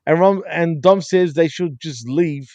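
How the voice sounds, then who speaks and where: A man co-hosting a casual wrestling review show, retelling events in steady, running detail. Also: a little high, a little slow, no room sound, lo-fi sound. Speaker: co-host.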